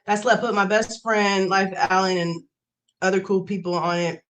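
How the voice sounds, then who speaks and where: A woman's voice: mid-range voice, steady tone, normal speed, fairly bright tone. A young adult woman on a livestream, ranting in a heated, profane way and repeating lines for emphasis. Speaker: YouTube streamer.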